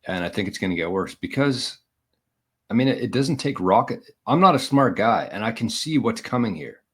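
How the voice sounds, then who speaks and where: A man's voice: lowish voice, lively intonation, moderate pace, breathy edge. A man hosting a casual solo show, talking in a chatty, opinionated way and often correcting himself mid-sentence. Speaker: podcast host.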